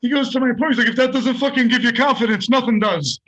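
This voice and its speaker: A middle-aged man, a fighter, telling a story in a casual, profane and animated way and laughing at himself. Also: very high-pitched, rapid-fire, very noisy. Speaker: guest, MMA fighter.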